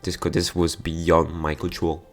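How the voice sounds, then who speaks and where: Low-voiced man reading a visual novel. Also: completely flat delivery, unhurried, soft background music. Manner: plain reading with stumbles and sudden outbursts. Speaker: gameplay channel host.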